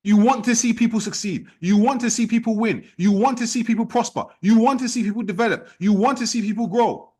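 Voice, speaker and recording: High-voiced man giving a pep talk. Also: a little fast, hardly any pauses, dark tone, breathy edge. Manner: emphatic, repetitive, challenging. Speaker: sales team trainer. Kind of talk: motivational training talk.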